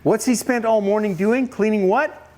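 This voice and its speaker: A man's voice: high voice, moderate pace. A man giving a youth camp sermon, retelling a Bible story and questioning his listeners. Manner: animated storytelling, questions to the audience. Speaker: camp speaker.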